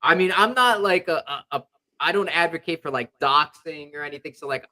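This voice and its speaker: A young man chats casually on a sports podcast, rambling through a story with constant fillers. His voice sits a bit high and sounds bright and forward. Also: brisk. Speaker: podcast host.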